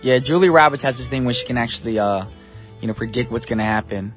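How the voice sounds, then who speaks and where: Speaking fast in a mid-range voice, a radio host chats casually between songs, cracking jokes and making self-deprecating asides. Soft music plays in the background, and he's using a studio microphone in the radio studio.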